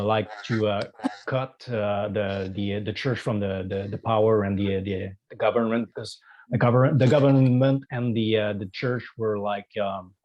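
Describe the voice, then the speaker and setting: A man's voice: lowish voice, darkish tone. Hesitant man with a Quebec French accent. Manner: hesitant, many fillers and restarts. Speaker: guest musician. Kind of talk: casual interview chat.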